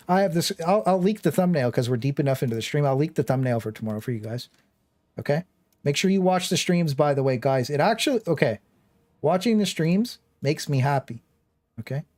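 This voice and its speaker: A man's voice: fairly high pitch, a little mellow, dry recording. Rambling, joking male gaming streamer. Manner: rambling, joking, often laughing. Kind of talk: casual live-stream chat.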